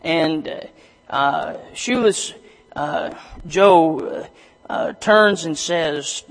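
A man preaching a sermon, halting with many restarts and fillers, then rising to emphatic reading of scripture. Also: on the high side, big-room sound.

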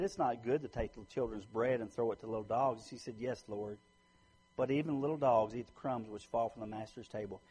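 Husky-voiced man preaching a sermon. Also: low-quality recording. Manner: lively preaching, rising loud for emphasis then dropping low.

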